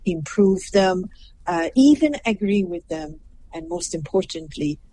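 A woman with a lowish, mellow voice speaks as a podcast guest. She gives advice in a measured, emphatic way and acts out short back-and-forth exchanges to make her points. A faint steady noise sits behind her. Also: poor audio. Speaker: guest, personal growth teacher.

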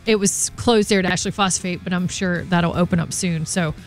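A woman's voice: fairly low pitch, steady tone, soft background music. A woman co-hosting a morning radio show, passing on a traffic update in loose, chatty banter. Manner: chatty, loose, quick to laugh.

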